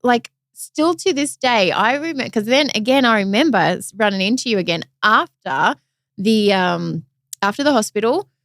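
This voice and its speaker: A woman hosts a casual podcast interview, her voice sitting a little high as she gushes with enthusiasm and fills her chat with "like". The sound is dry and close. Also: expressive, moderate pace, a bit bright, no echo. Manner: gushing, enthusiastic, says "like" a lot. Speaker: podcast host.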